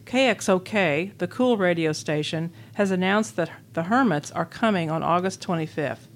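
An older woman from Illinois, reading her own memoir essay aloud as a guest, in a wistful, wry storytelling manner. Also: lowish voice. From Illinois, USA. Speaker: author and guest.

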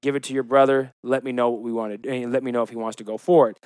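Man, 30s, podcast co-host; mid-pitched, dry close mic, animated and joking. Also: very fast, clean tone, dry recording. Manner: animated storyteller, defensive and joking. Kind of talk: casual chat.

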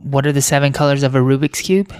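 A man's voice: medium pitch, fast talker, clean tone, no room sound. A man co-hosting a casual podcast, playfully explaining a card game and reading out trivia questions while playing. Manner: playful, explains patiently, quizzes his partner. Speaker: podcast co-host.

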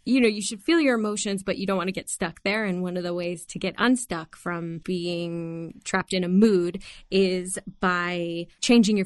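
A woman's voice: medium pitch, no room sound, clean studio sound. A woman hosting a podcast, encouraging and playful, laughing easily with her guest. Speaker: podcast host. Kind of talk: casual conversational interview.

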